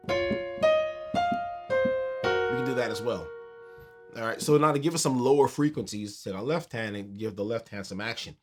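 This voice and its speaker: A man teaching a keyboard tutorial in a relaxed, conversational way, counting beats aloud as he plays. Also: medium pitch, normal speed, long pauses. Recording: piano music under the voice.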